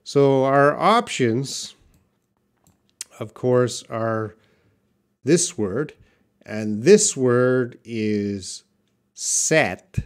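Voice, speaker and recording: A man's voice: medium pitch, drawn-out words, pauses often, clean tone. A man teaching a live online English pronunciation lesson, stretching out example words and chatting casually with viewers.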